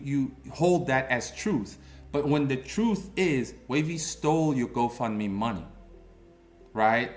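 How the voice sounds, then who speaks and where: A man in his thirties ranting in a mocking, confrontational commentary, full of slang. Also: medium pitch. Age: 30s. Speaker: online commentator.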